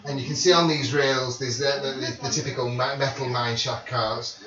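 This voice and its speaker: A man running a tabletop game as game master, describing scenes in a halting, self-correcting way. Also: mid-range voice, fairly even intonation, recorded from a distance, a crowd in the background. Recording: echoey muffled room audio from off-mic.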